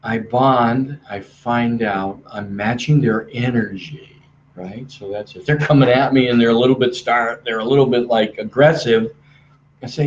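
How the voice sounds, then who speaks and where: A man's voice: mid-range voice, moderate pace, dull audio. A middle-aged man giving a sales training webinar from a hotel room, talking energetically and acting out customer dialogue. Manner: energetic, acts out quoted dialogue.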